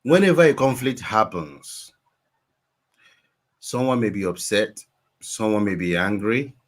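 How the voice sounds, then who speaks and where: A man's voice: on the low side, animated, unhurried. A man giving earnest, preachy advice as a guest counselor, repeating phrases for emphasis. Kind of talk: advice talk.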